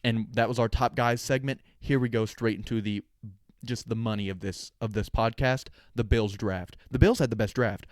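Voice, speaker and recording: Young man, podcast host, sarcastic sports banter, mid pitch, dry close mic. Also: a little mellow, no room sound. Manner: joking, sarcastic, opinionated. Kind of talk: casual sports talk.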